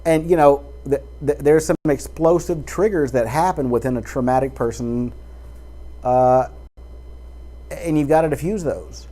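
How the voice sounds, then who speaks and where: A man's voice: mid-range voice, unhurried, dark tone. A man talking into his webcam in a casual personal monologue, rambling with many fillers and false starts.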